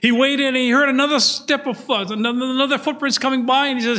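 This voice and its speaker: A man's voice: high voice, fast talker, few pauses. An older man preaching a sermon, telling stories and acting out the voices of the people in them. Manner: animated storytelling preacher, acts out voices in his stories. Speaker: pastor.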